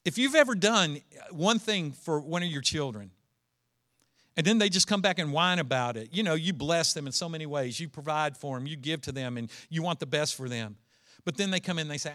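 A middle-aged man preaching a sermon, animated, acting out quoted complainers and dropping to a low confiding voice for asides. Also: fairly quick. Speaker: pastor.

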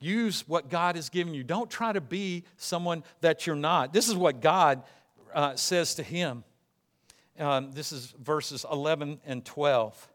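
Male pastor, sermon, emphatic, repetitive, acts out quotes, a bit high. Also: unhurried, a bit bright.

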